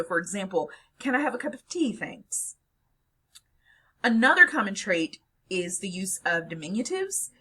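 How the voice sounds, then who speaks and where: Lively lecturing woman, bright and husky. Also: on the low side. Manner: explanatory, lively, with fillers. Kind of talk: recorded lecture.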